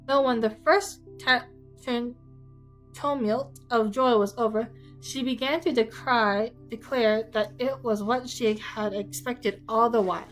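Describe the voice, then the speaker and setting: A woman streaming a quiet, steady read-aloud of a classic novel. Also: a little high, a little slow, soft background music, rough recording. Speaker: reader, streamer.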